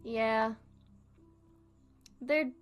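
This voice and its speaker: A woman's voice: fairly high pitch, extremely slow, soft background music. A young woman streaming and chatting casually, rambling from thought to thought, laughing often and swearing freely.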